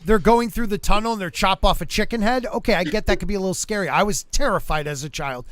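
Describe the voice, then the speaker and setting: A man hosting a podcast, chatting casually and joking around in an animated way. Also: high voice, fast, no room sound. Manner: animated, joking, drifts into silly voices. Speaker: podcast host. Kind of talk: casual panel chat.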